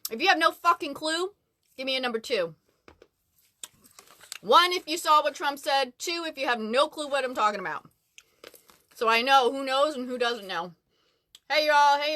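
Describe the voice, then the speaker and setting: Bubbly woman with a bright voice livestreaming. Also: high-pitched. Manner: bubbly, chatty, greets viewers by name. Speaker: livestream host. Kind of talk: casual livestream chat. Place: closet at home.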